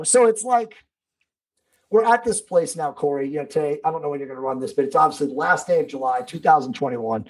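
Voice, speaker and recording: A man's voice: on the high side, slightly rough, low-quality recording. A man speaking as a podcast guest in casual conversation, emphatic and preachy, swearing freely.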